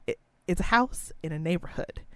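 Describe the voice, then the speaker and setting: A young woman telling a story in a casual chat, with a blunt, profane and animated way of talking. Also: on the low side, normal speed, no room sound.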